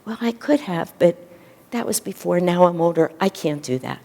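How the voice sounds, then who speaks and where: A woman's voice: on the low side, animated, normal speed, creaky, mellow. A woman voicing weary male monkeys who resignedly say they are past their prime. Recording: long hall reverb.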